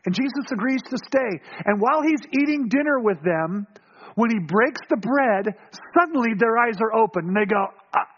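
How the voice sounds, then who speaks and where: A male pastor preaching a sermon, telling the story with animated acting-out of voices and frequent chuckles. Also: extremely high pitch, normal speed, highs cut off.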